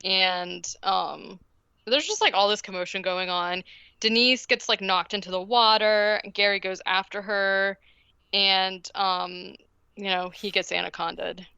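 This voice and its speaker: A woman's voice: mid-range voice, fairly even intonation, measured pace, creaky, sharp tone, smooth, no echo, muffled recording. A woman co-hosting a podcast, casually recapping a movie in a rambling way, full of fillers and giggles. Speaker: podcast co-host.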